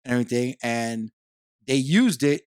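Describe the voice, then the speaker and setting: A man, a guest on a podcast, telling a long personal story in casual conversation, animated and repeating himself as he talks. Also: medium pitch, normal speed, clear, resonant tone, dry recording, clean studio sound. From Puerto Rico.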